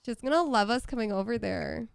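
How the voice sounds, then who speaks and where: A woman talks casually on a live stream from home, spinning animated stories and swearing freely. Her voice carries a gravelly edge yet stays remarkably clear. The sound is dry and close, with no room around it. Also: a little high, fairly quick, no echo. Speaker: voice actor signing on stream.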